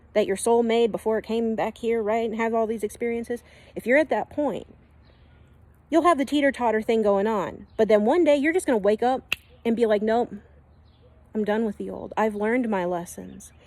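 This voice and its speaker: A woman who gives spiritual readings talks to her viewers in a casual, emphatic way. Her voice sits fairly high, and she keeps checking in with "okay?". The recording is dry and close. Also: darkish tone, no echo. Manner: emphatic, repeats "okay?" and "right?". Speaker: spiritual reader. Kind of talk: casual spiritual teaching to camera.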